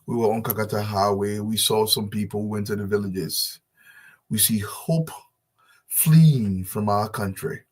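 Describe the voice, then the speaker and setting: A man from Liberia, making a fervent, pleading public appeal with repeated lines and swings from soft to loud. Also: lowish voice, a little slow, breathy edge. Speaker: diaspora business advocate.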